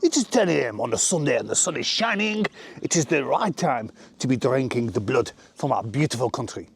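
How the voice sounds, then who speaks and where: A man's voice: mid-range voice, sing-song, brisk, gravelly. Brief: man doing a haughty, theatrical Frenchman with a put-on French accent, pompous and easily offended, comedy vlog sketch. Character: haughty wine-drinking Frenchman with a comic accent.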